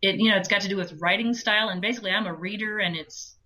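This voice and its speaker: A woman audiobook narrator chatting as an interview guest, explaining her work with quick asides. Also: medium pitch, steady tone, bright, forceful tone, low-quality recording. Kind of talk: interview chat.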